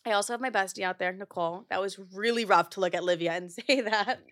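A young woman hosts a podcast and talks into her microphone. Her voice sits at an average pitch. She tells stories in a loose, rambling, animated way and swears freely. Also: fast. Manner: rambling, profane, animated storytelling. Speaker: podcast host. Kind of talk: casual chat.

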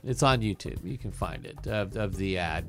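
A man's voice: low voice, moderate pace, fairly bright tone, soft background music. A man co-hosting a radio entertainment news segment, trading sarcastic asides in casual banter. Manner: wry, sarcastic asides with frequent laughs. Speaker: radio co-host.

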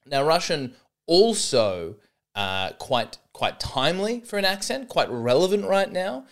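A man's voice: on the high side, sing-song, unhurried. An Australian man hosting a comedy podcast, talking in a rambling, sarcastic, self-mocking monologue.

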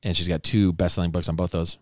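A man's voice: low voice, flat delivery, fast talker, no room sound, studio quality. A man hosting a casual interview podcast, rambling and often correcting himself with fillers. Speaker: podcast host.

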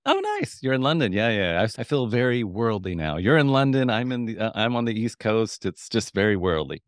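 Upbeat low-voiced man, podcast host. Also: lively intonation, a little fast, dry recording, clean studio sound. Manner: enthusiastic, rambling with restarts. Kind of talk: interview chat.

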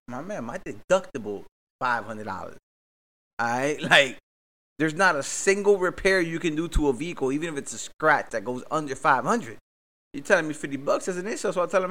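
A young man from hosts a casual podcast. His storytelling is excitable and full of swearing, and he acts out every exchange as he retells it. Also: fairly high pitch, fairly quick. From Miami, Florida. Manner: profane, excitable, acts out the dialogue. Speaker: podcast host. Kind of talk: animated storytelling.

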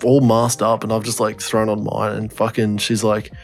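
A man's voice: fairly low pitch, monotone, normal speed, faint music behind. A young man telling a story in casual podcast chat, rambling, swearing often and laughing through it. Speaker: podcast co-host.

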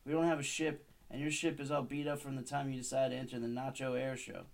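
A man's voice: medium pitch, little pitch movement, fast talker, gravelly, close to an everyday voice. A man in his thirties reading aloud the lines of a grumpy, sarcastic hitman from a childhood story. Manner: sarcastic, dry.

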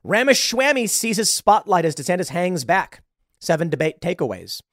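A man's voice: sits high, very animated, normal speed, a bit bright, dry recording, studio quality. Blunt, fired-up male political commentator. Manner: blunt, conversational, emphatic riffs. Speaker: show host.

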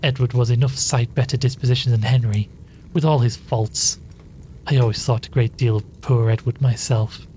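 A man voicing a fretful married sister in a read-aloud story, speaking abruptly in a hushed voice. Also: medium pitch, steady tone, normal speed, slight background noise, close to an everyday voice. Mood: grumbling.

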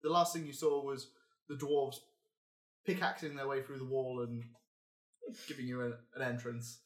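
A man's voice: medium pitch, level tone, normal speed, echoey room. A man narrating a tabletop game as game master, laid-back and hesitant, laughing often.

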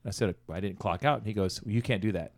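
A man's voice: on the low side, fast. A man telling a profanity-laced story about an old job in casual conversation, acting out the dialogue. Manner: profane, animated anecdote-telling with quoted dialogue.

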